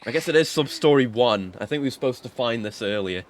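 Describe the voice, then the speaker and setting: A man's voice: medium pitch, animated, fast talker. A man giving casual, rambling, self-mocking commentary while playing a video game. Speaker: game streamer.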